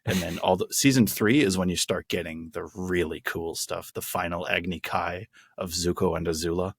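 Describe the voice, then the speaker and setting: A man's voice: deep voice, fairly even intonation, normal speed, breathy edge, no room sound, studio quality. A man co-hosting a podcast, chatting casually and enthusiastically with many restarts. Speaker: podcast co-host. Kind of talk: casual chat.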